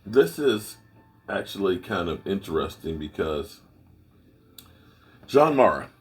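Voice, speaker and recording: On his own sports channel, a middle-aged man gives folksy, opinionated commentary, rambling casually. His voice is husky and of medium pitch.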